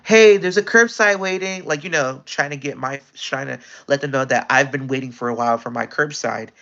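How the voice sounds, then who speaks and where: A young man livestreaming, telling a story in casual chat, animated and exasperated, with his pitch jumping up often. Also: gravelly. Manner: animated, exasperated retelling with quick pitch jumps. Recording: dull lo-fi stream audio.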